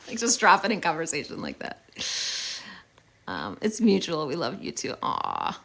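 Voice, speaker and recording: A woman's voice: sits low, wildly swooping pitch, a little slow, gravelly, fairly bright tone. A young woman hosting a casual livestream on her phone, chatty and upbeat as she thanks viewers, with many fillers. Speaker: livestream host.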